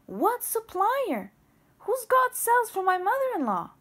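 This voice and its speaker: A woman voicing an excited, alarmed woman who bursts out in loud, high-pitched lines. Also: moderate pace, vocal fry. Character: excited, alarmed woman hearing shocking news.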